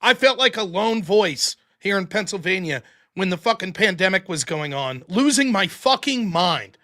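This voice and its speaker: A man's voice: high-pitched, normal speed, pushed and bright. Angry, profane male livestream host. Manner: angry, profane, rhetorical questions. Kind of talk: profane political rant on a livestream.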